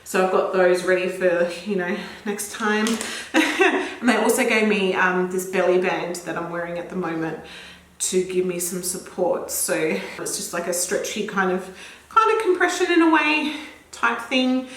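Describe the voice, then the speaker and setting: A woman's voice: lowish voice, normal speed, a bit bright. Young female vlogger, breathless, rambling, filler-heavy, roomy echo. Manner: chatty, rambling with many "like" fillers. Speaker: pregnancy vlogger. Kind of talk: casual vlog update.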